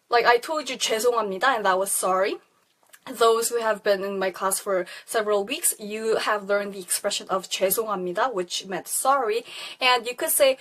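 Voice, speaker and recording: A young woman with a Korean accent teaching a live Korean lesson in English, cheerful and laughing now and then, repeating phrases slowly for learners. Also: mid-range voice, a bit bright. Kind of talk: live online language lesson.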